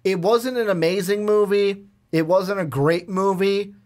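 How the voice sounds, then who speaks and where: A man's voice: high-pitched, a little slow, a little mellow. A man co-hosting a casual movie review chat, rambling with lots of "like" and acting out the lines he quotes. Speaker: movie review podcast co-host.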